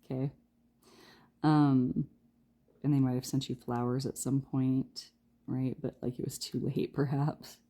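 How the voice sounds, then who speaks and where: A woman giving a casual pick-a-card tarot reading, chatty and rambling, trailing off with fillers and soft laughs, sometimes talking quietly. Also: very deep voice, level tone, measured pace, long pauses. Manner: speaks softly and quietly at times. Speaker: tarot reader.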